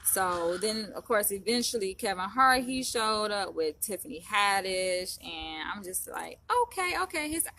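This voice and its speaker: A woman's voice: mid-range voice, measured pace, few pauses, sharp tone, slight background noise. A woman vlogger talking casually to her viewers, rambling with lots of fillers like "you know" and "like". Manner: chatty, rambling, full of fillers. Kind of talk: casual chat to camera. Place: in Los Angeles.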